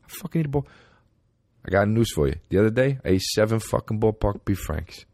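A man voicing a loud, pushy New York guy with a New York accent who swears constantly. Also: on the low side, lively intonation, brisk, no echo, studio quality. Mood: brash. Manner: brash, swearing, insistent.

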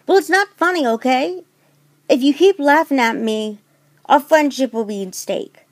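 A woman's voice: medium pitch, expressive, fairly quick, no room sound. A woman voicing a teenage schoolgirl who is upset at being teased and answers in a defensive, snappish way. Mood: hurt, snappish. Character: upset teen schoolgirl, teased about her dream.

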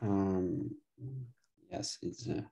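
A man's voice: low-pitched, flat delivery, very slow, gravelly, mellow. A man learning English, answering hesitantly with many fillers. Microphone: video call.

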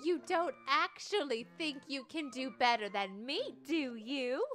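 A woman's voice: sits high, a little slow, fairly bright tone, soft background music. A woman voicing a bratty, boastful young boy king in a put-on Southern belle drawl for a video game playthrough. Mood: indignant.

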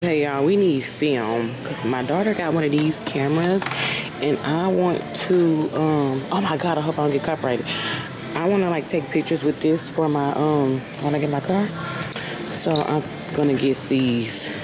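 A young woman talking casually to her camera, excited, slangy and swearing, with loud bursts and laughter. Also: low-pitched, normal speed, background noise. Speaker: vlogger. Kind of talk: casual vlog chat to camera.

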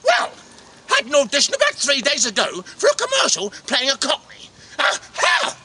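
Male vlog host, actor from England, very high and hugely swooping voice, theatrical. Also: huge pitch swings, a little fast, noisy background. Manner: showy, exclamatory, sing-song delivery.

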